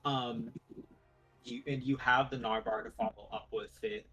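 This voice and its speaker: A man casting a live video game match, excitable and quick to laugh. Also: medium pitch, breathy edge, faint music behind, low-quality recording. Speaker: esports caster.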